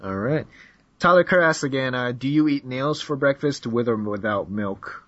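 A man's voice: mid-range voice, lively intonation, moderate pace, fairly bright tone, dry recording. A man hosting a casual podcast chat, teasing his guest and laughing often. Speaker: podcast host. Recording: dull lo-fi dry sound.

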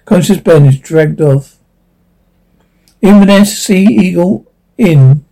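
A man's voice: high voice, slow, vocal fry, mellow, rough recording. A man reading a drama script aloud, naming each speaker and reading the stage directions with small slips. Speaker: script reader.

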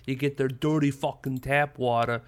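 A man's voice: medium pitch, fairly even intonation, normal speed, clean tone. A man from New York State co-hosting a podcast, rambling casually with laughs and crude jokes. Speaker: podcast co-host. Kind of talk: casual chat.

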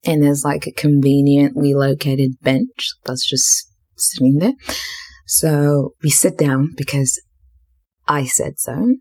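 A young woman hosts her own podcast and tells a story in a relaxed, chatty way. Her voice sits low, and she talks with plenty of fillers and a flair for the dramatic. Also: takes it slowly. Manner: chatty, filler-heavy, self-described dramatic. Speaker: podcast host. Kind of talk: casual storytelling.

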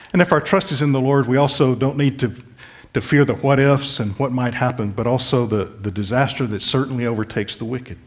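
A man preaching a sermon, earnestly pleading with listeners and restating scripture in plain words. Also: mid-range voice. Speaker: pastor.

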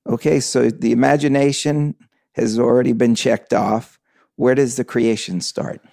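Host: man, gravelly and mellow, asks reflective questions, dry studio sound. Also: medium pitch, fairly even intonation, measured pace, no echo. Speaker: interviewer. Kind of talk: interview questions.

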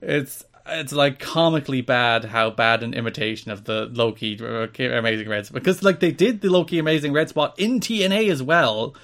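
A man co-hosting a casual wrestling review chat, animated and quick to laugh, often restarting his sentences. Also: mid-range voice. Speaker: podcast co-host.

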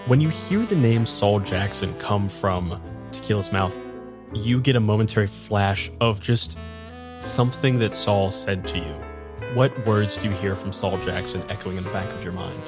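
A man narrating a tabletop role-playing game as game master, describing scenes calmly. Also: fairly low pitch, normal speed, music in the background.

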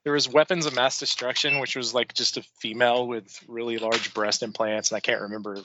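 A man's voice: medium pitch, flat delivery, fairly quick, background noise. A man co-hosting a podcast in casual chat, talking in a chatty, profane way and laughing at his own stories. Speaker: podcast co-host. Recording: dull lo-fi dry recording.

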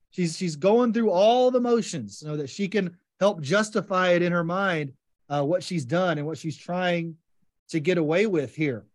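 High-voiced man hosting a book podcast. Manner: enthusiastic, leads the discussion with questions. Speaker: podcast host. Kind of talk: casual literary discussion.

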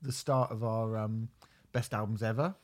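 A man's voice: on the low side, steady tone, moderate pace. A hungover man hosting a podcast, chatting casually, joking and swearing. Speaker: podcast host. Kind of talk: casual chat.

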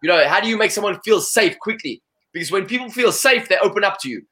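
A man's voice: high voice, animated, quick pace, sharp tone. A man being interviewed in a casual chat, talking with energy and saying "you know" a lot. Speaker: interview guest.

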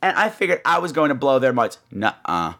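A man's voice: mid-range voice, brisk, vocal fry. A man hosting a podcast, telling a comic story and swooping in and out of voices. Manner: animated, swoops into voices and gasps. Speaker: podcast host.

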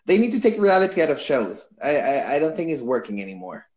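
Man, from Chile, host, casual chat, easygoing, fairly high voice, roomy echo. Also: very animated, fast. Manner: easygoing, laughs often, asks questions. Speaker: podcast host. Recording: echoey room.

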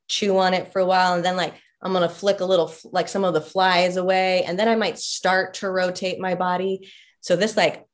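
Podcast guest, woman, lowish voice, chatty storyteller, laughs easily. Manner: warm storytelling with frequent laughs and "like" fillers. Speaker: podcast guest, relationship coach. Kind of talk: casual conversational podcast talk.

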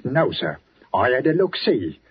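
Brief: a gravel-edged village grocer, older, superstitious, lively sing-song lines, lo-fi old radio sound. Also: male voice, mid-range voice, measured pace. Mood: uneasy. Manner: folksy, deferential, drops his g's. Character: older working-class male village greengrocer, superstitious. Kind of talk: 1940s radio acting.

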